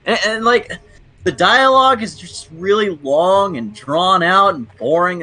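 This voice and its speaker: A man's voice: high voice, lively intonation, unhurried, sharp tone. A man chatting casually with friends on a stream, giving blunt, exasperated opinions with some swearing. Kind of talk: casual chat among friends.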